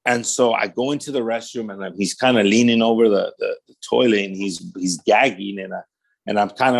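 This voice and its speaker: A man's voice: lowish voice, fairly quick, gravelly. A pastor telling his personal testimony in a podcast interview, speaking in casual street slang, often saying "man", and acting out the voices of the people in his story. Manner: animated storyteller who acts out quoted dialogue.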